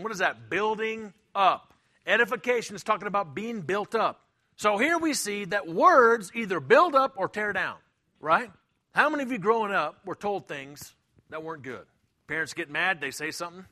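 A man's voice: high voice, animated, brisk, bright, forceful tone. A middle-aged man preaching a sermon as pastor, emphatic and repetitive, sometimes acting out the voices of people he quotes. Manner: emphatic, acts out quoted voices, repeats himself.

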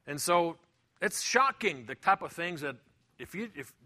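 A middle-aged man preaching a sermon in a high, bright voice. He talks with emphasis and repeats his points. Now and then he acts out the voices of the people he quotes. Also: very animated, measured pace. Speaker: pastor.

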